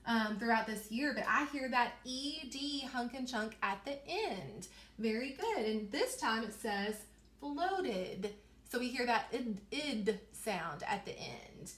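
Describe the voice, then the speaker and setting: A young woman teaching a reading lesson to young children, slowly stretching out letter sounds and praising them often. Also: fairly high pitch, fairly bright tone. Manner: encouraging, repeats words for children. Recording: echoey room.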